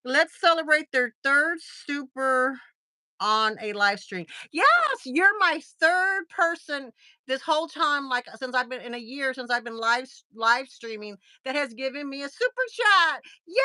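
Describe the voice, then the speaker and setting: A woman's voice: high voice, bright, forceful tone, no echo, clean studio sound. A woman, chatting casually on a livestream, rambling with lots of fillers and gushing thanks. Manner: gushing and effusive when thanking viewers. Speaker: livestream host.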